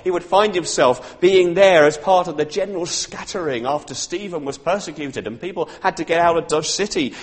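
A middle-aged male preacher with a slightly high voice delivers a sermon in a church. He tells the story with lively energy and slips into the voices of the people he quotes. A long reverb from the large hall trails after his words.

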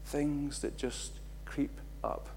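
Male pastor, middle-aged, animated sermon delivery with dramatic swings. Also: a little high, slow pace, vocal fry, a little hiss or hum. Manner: animated, acts out quotes with big swings in loudness. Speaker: preacher.

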